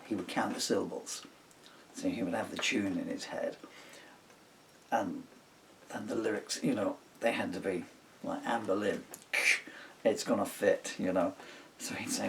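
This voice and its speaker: Older man with a low gravelly voice. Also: fairly even intonation, a little slow, pauses often, distant mic, slight background noise. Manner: meandering, self-interrupting, muttered asides. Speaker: songwriter. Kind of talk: casual rambling talk while writing a song. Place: home recording studio.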